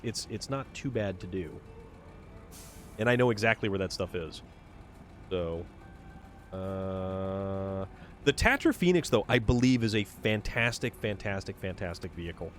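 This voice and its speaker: A man hosting a casual gameplay livestream, rambling and repeating words as he chats with viewers. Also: medium pitch. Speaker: livestream gamer host. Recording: game vehicle noise behind voice.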